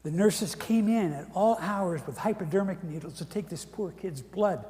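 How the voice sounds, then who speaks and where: Man in his 70s, comic storyteller, higher voice, wry deadpan asides, long church reverb. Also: normal speed. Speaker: speaker giving a testimony. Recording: echoey church hall.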